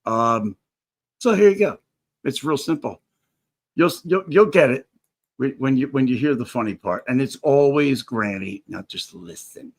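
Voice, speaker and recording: A man hosts a live stream in crude, teasing banter. His voice is lively and swings widely in pitch. It has a husky, slightly rough edge. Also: normal speed. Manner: profane, teasing, animated storytelling. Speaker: livestream host.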